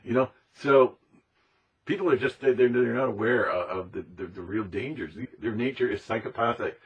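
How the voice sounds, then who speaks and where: A man with a husky, breathy voice delivers an impassioned monologue. He talks emphatically and repeats himself, sometimes slipping into mocking impressions of other people. His pitch sits in an ordinary middle range. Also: normal speed, highs cut off. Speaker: speaker on conspiracy topics.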